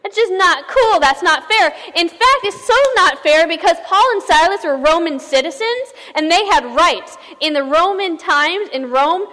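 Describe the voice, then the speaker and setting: A woman pastor telling a story in a sermon, in a lively conversational way, asking the listeners questions. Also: high-pitched, in a large hall.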